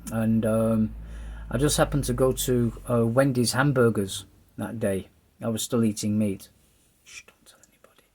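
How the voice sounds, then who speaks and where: A man's voice: mid-range voice, slightly rough. A middle-aged man with an English accent, telling a rambling personal testimony and acting out the voices of the people in it. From England. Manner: lively, rambling storyteller who acts out the voices in his story.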